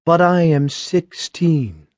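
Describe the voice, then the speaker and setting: A man voicing a shy, nervous sixteen-year-old girl who speaks softly. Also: a little high, big pitch swings, normal speed, no echo, voice pushed up. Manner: soft and pleading.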